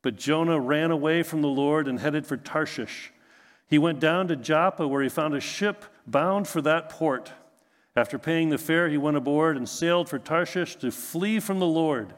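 A male pastor preaching in a relaxed, joking way, firing off rhetorical questions. His voice sits a little high for a man. A long reverb from a large church hall trails after his words. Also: normal speed. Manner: conversational, humorous, asks rhetorical questions. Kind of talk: sermon.

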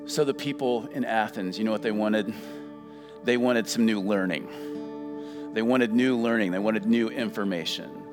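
A man's voice: on the low side, moderate pace, music in the background. A male pastor preaching a sermon, emphatic, asking the congregation questions and waiting for answers.

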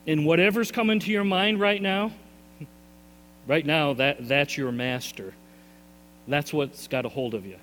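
A man's voice: a little high, normal speed, fairly bright tone. A male pastor preaching a sermon in a church, earnest, often repeating his words as his intensity rises and falls. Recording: long reverb in a hall, faint mains hum.

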